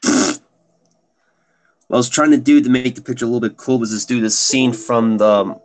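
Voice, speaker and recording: A man's voice: medium pitch, normal speed. A man co-hosting a live drawing stream, chatting casually and joking, laughing often.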